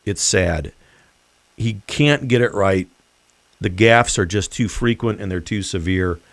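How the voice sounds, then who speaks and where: A man hosting a political commentary show, speaking in an emphatic, deliberate and mocking way. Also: lowish voice, no room sound. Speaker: host.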